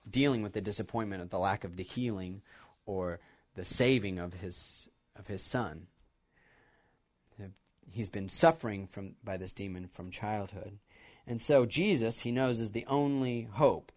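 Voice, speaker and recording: A male pastor preaching a sermon, retelling a scripture passage as a story and reflecting on what it means. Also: on the low side.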